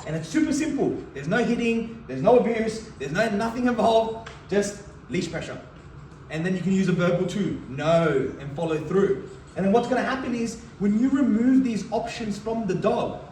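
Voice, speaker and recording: A man's voice: high voice, darkish tone, a little hiss or hum. A man teaching dog crate training in a direct, blunt way, often breaking off to talk to the dog. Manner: talks to the dog while teaching. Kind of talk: instructional demonstration. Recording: roomy, distant mic, faint ambience.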